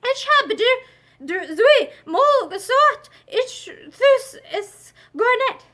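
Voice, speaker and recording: A stubborn old-time German soldier, put on by a woman reading aloud, slow and high. He drops into German mid-sentence with a German accent, refusing orders flatly. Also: heavily acted. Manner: mixes German phrases in. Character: stubborn German private, grown man.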